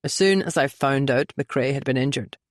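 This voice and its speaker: A woman voicing a reserved young man who speaks quietly and carefully. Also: a bass voice, dry recording, studio quality, pitched below the performer's own voice. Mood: measured. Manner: quiet and measured.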